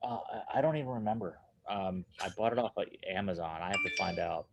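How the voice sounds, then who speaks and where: A man talking casually as a guest about running his recording studio, animated and laughing often, repeating himself as he goes. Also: sits low, fast, vocal fry, background noise. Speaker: guest, studio owner and drummer. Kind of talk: casual conversation.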